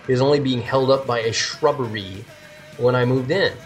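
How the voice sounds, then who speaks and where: A man co-hosting a podcast, telling stories in an animated, casual way. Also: medium pitch, normal speed, faint music behind. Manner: animated storytelling, laughs easily. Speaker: podcast co-host. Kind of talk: casual chat.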